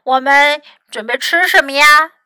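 A woman's voice: sits high, measured pace, bright, forceful tone, no echo, full character voice. A woman voicing a cross, curt male rat in a bilingual storybook reading. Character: grumpy male rat hiding in a cabin.

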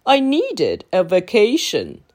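A woman voicing a friendly, easygoing male dinosaur in a children's storybook reading, with a loud, cheerful, slow delivery. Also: medium pitch, huge pitch swings, exaggerated voice.

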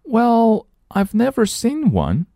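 A man voicing a cheerful, curious little girl in a storybook, with high, bright, chirpy speech. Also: huge pitch swings, slow, gravelly, dry recording, studio quality, heavily acted.

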